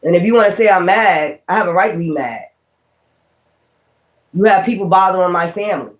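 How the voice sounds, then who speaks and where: High-voiced man ranting on a livestream. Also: brisk. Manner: profane, confrontational, repeats himself. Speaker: tarot reader. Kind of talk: livestream rant.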